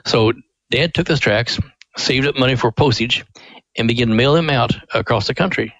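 A man's voice: medium pitch, normal speed, dry recording, muffled recording. Older male guest, earnest storyteller, dry close mic. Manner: earnest, animated when acting out quotes. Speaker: ministry president, guest. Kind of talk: interview storytelling.

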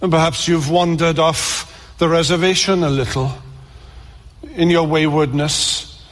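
Earnest preacher in a reverberant hall. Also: male voice, fairly high pitch, fairly even intonation, a little slow. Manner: earnest, repeats words and stammers on restarts. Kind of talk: sermon. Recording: long reverb of a large hall.

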